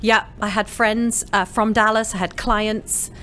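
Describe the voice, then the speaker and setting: A woman from the UK whose British accent has softened, a salon owner chatting casually as a guest with a friendly, self-deprecating manner. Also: medium pitch, fairly even intonation, unhurried, a little hiss or hum. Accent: British, softened by years in America. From United Kingdom. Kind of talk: casual interview chat.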